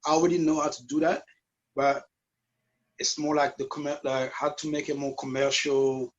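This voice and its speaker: A man in his forties with a French Caribbean accent, a guest talking softly and searching for words. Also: fairly high pitch, little pitch movement, normal speed, muffled recording. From Guadeloupe. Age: 40s. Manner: soft-spoken, searching for words. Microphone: video call.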